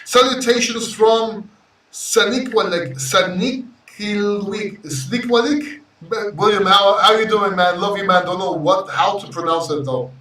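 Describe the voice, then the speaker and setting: A Greek man hosting a crypto livestream, talking to chat in an emotional, brash way, swearing and swinging between loud and quiet. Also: high voice, moderate pace, few pauses, distant mic. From Greece. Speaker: crypto YouTuber reading live chat. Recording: roomy echo, off-mic sound.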